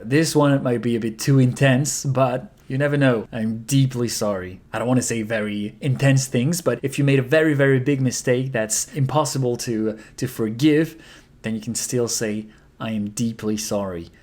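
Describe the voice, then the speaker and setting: French-accented man teaching phrases. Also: mid-range voice. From France. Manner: slow, repeated model phrases with calm explanations. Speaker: French language coach. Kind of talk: language lesson to camera.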